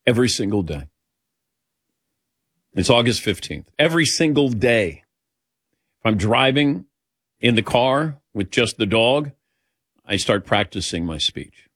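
Lively, animated male radio host. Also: medium pitch, a little slow, pauses often, dry recording, studio quality. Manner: animated, self-deprecating, rambling. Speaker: radio show host taking callers. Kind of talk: casual talk radio chat.

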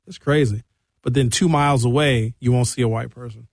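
A man's voice: mid-range voice, gravelly, no room sound, studio quality. A man from Milwaukee telling a political story in a casual, comedic commentary style, acting out voices and drawing out words for emphasis. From Wisconsin, Milwaukee. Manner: animated storytelling, acts out voices, emphatic slowdowns.

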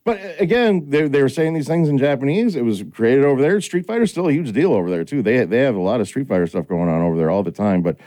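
Animated middle-aged man chatting. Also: medium pitch, quick pace, few pauses. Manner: animated storyteller, acts out quoted lines. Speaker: podcast host. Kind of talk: casual chat.

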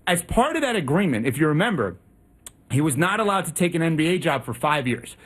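Breathless, husky-voiced sports radio man. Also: fairly high pitch, a little fast. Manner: animated, talkative analysis.

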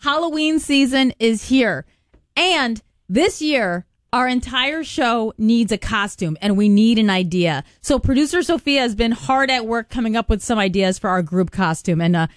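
Excited woman hosting morning radio. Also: a little high, normal speed, no echo, clean studio sound. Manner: excited, chatty. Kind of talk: morning show chat.

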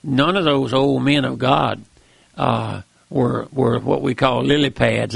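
A man's voice: mid-range voice, a little slow, creaky, a bit bright, breathy edge, dry recording. An older man preaching an impassioned, emphatic sermon, repeating his points and calling out to his listeners. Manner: impassioned, emphatic, repeats phrases and calls out "my friend". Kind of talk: fiery radio-style sermon.

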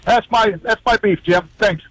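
Folksy guy calling in, kinda high voice, dry sound, rambles his gripe. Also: moderate pace, fairly bright tone, no room sound, low-quality recording. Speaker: caller. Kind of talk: call-in rant.

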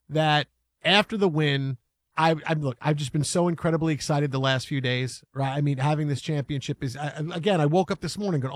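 A man's voice: on the high side, brisk, dry recording, clean studio sound. A man hosting sports talk, rambling and emphatic with many restarts. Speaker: sports radio host.

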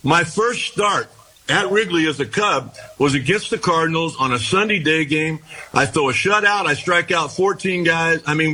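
An older man, a former baseball pitcher, telling long rambling anecdotes in a casual interview, often restarting his sentences. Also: pushed and bright, husky, poor audio. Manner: rambling anecdotes with repeated starts and quoted dialogue.

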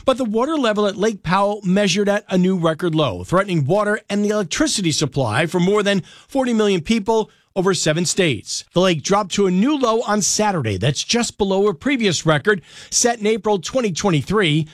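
A man reading a radio news report in a steady, factual manner. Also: sits high, no room sound, studio quality.

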